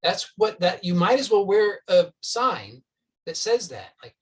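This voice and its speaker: A man's voice: high voice, expressive, measured pace, recorded from a distance, poor audio. A man giving a spoken spiritual teaching, earnest and insistent, repeating points for emphasis.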